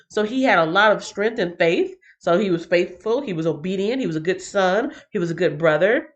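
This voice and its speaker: Animated woman chatting about Bible reading. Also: mid-range voice, fairly quick, few pauses. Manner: chatty and animated, with many fillers. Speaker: host of a Bible reading stream, a mother.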